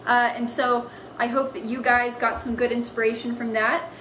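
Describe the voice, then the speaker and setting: A woman's voice: fairly high pitch, little pitch movement, moderate pace, fairly bright tone, a little hiss or hum, low-quality recording. A woman teaching a lesson on writing comics, explaining patiently as if to children.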